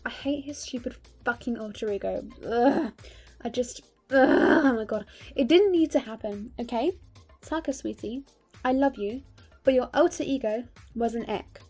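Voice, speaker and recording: A woman's voice: on the high side, normal speed, warm tone, slightly rough, faint music behind. A young woman giving casual fan commentary, gushing and emphatic, swearing freely. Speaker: video creator.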